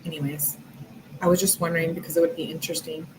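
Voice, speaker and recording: A woman's voice: sits low, little pitch movement, quick pace, background noise. Blunt, slangy woman commentator. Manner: blunt, slangy, candid asides to viewers. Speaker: true-crime commentator. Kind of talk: casual commentary reading text messages.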